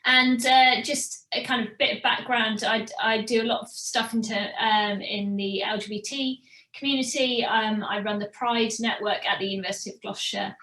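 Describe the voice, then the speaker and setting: A woman lecturer introduces herself on a panel in a friendly, clear way. Her voice is bright and a little high. The room around her echoes. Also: steady tone, moderate pace. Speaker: senior lecturer. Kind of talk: panel discussion.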